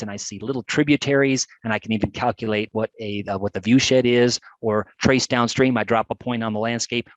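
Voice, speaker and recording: A man presenting a live webcast, talking through examples with chatty enthusiasm and lively emphasis. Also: mid-range voice, no room sound, low-quality recording.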